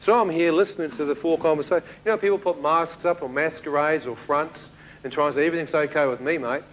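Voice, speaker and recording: A man giving a spoken testimony to an audience, telling his story in an animated way and acting out the dialogue. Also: on the high side, fairly quick, muffled recording, a little hiss or hum. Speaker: speaker giving a personal testimony.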